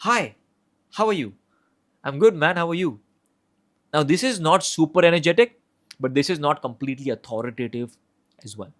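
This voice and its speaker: Young male coach, slightly higher voice, casual instructional delivery with frequent restarts. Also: a bit bright. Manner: conversational, repeats and restarts words, demonstrates tones of voice. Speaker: communication coach.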